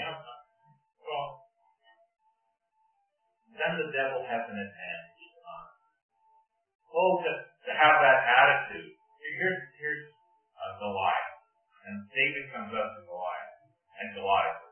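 A man's voice: fairly high pitch, lively intonation, normal speed, faint music behind. An older man preaching a sermon, telling anecdotes with self-deprecating humor. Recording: tinny phone-like sound, distant and roomy.

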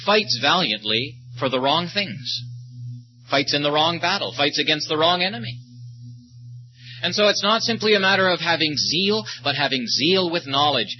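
A man preaching a sermon at a conference in a slow, emphatic way, with short storytelling asides. His voice sits a little high for a man. The recording is muffled and lo-fi, with a faint hum underneath. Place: meeting or conference hall.

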